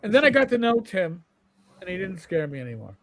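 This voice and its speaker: A man's voice: high-pitched, big pitch swings, a little fast. A man who is a guest on a casual panel chat, telling a story bluntly and swearing freely.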